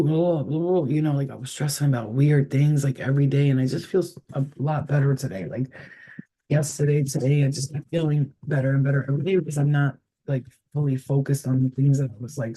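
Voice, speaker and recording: A man's voice: medium pitch, dark tone, breathy edge. A man, a psychic reader, chatting casually with his viewers on a live stream, rambling and swearing freely.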